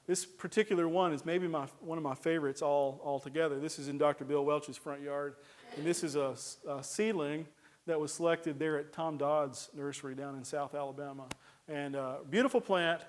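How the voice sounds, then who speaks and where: A man giving a casual, folksy lecture on garden plants, rambling with many uhs and restarts. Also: fairly high pitch. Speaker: horticulture lecturer. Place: lecture hall.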